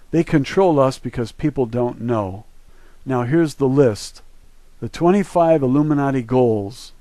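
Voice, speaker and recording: A man's voice: mid-range voice, warm tone, no room sound. A man from the northern United States giving an emphatic, opinionated monologue, urging his viewers on. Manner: emphatic, preachy, urging listeners. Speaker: online video host.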